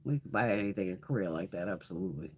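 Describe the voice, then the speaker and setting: On a beauty livestream, a woman with a bass voice chats very fast, with a little hiss or hum in the audio. She keeps things casual, spinning animated stories and swearing a lot.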